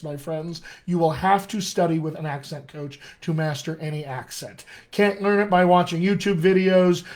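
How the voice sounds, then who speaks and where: A man working as a dialect coach, answering viewers' questions in an upbeat, emphatic live-streamed session and talking straight to them. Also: high voice. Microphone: webcam or computer mic on a live stream.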